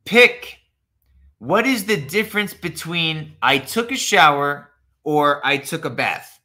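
A man teaching an English lesson online, repeating phrases slowly and answering viewers' questions from the chat. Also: on the high side. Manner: slow, repetitive, animated teacher talk, answers chat questions.

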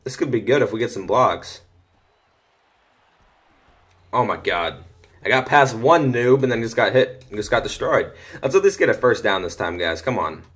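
A teenage boy gives casual commentary on a football video game from his room at home. He mutters and chats to himself, then gets loud and excited when a play goes his way. His pitch sits in the middle for a young man. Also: moderate pace. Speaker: gaming commentator.

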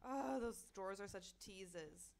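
A woman's voice: mid-range voice, lively intonation, measured pace, vocal fry, a little mellow, a little hiss or hum. A young woman streaming a horror game, chatting with viewers and breaking into screams and nervous laughter. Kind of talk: casual gameplay commentary.

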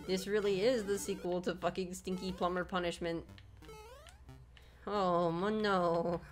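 A woman's voice: lowish voice, flat delivery, measured pace, soft background music. A woman streaming a video game, ranting with melodramatic, profane frustration at a level she is playing. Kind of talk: gameplay livestream commentary.

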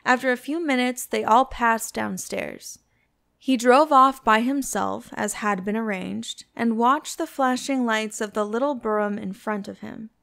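A woman narrates an audiobook in a measured, steady read. Her voice sits a little high, with a gravelly rasp at the edges. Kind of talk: scripted narration.

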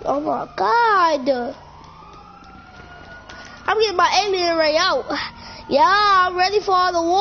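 A woman, trash-talking and swearing playfully while commenting on her gameplay. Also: high voice. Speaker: gamer. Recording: dull lo-fi mic with faint background noise.

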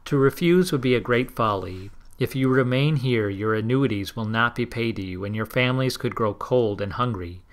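A man reading a calm, formal government agent. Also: mid-range voice, moderate pace, hardly any pauses, natural voice.

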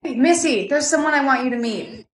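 A young woman acting in a comedy skit, earnest and lively. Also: high-pitched, fairly quick, echoey room.

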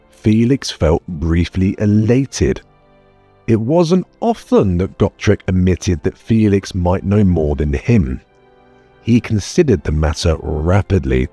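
Deep-voiced male audiobook narrator. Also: big pitch swings, mellow, breathy edge, no room sound. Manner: measured storytelling. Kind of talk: scripted narration. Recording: dry close mic, faint music bed.

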